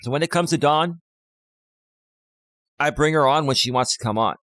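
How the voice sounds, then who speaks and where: A man's voice: on the high side, normal speed, fairly bright tone, dry recording, studio quality. A man, a life coach, talking on a live stream in an impassioned, preachy way that repeats points.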